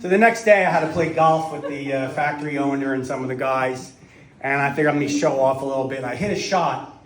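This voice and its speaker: A man's voice: mid-range voice, fast. A middle-aged man telling rambling jokes at a party, chuckling through his stories. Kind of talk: stand-up joke telling at a party. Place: studio party room. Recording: roomy sound from a distant mic.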